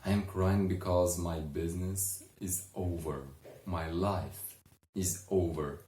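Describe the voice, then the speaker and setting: A man's voice: sits low, steady tone, takes it slowly, warm tone, a little hiss or hum. A man voicing a ruined, sleepless businessman who pleads in a distraught way, recorded with an echoey room sound and a distant mic. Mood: despairing.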